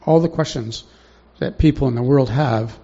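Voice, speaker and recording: Gravelly, dark-voiced male preacher. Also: mid-range voice, moderate pace. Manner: conversational, asks the congregation questions. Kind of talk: sermon. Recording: dull lo-fi recording.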